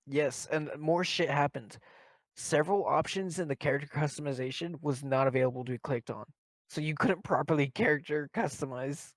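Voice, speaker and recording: A man's voice: a little high, fairly quick, no echo. Laughing joking man, dry mic. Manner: joking, laughs often, rambling game rant. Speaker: podcast co-host. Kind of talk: casual chat among friends.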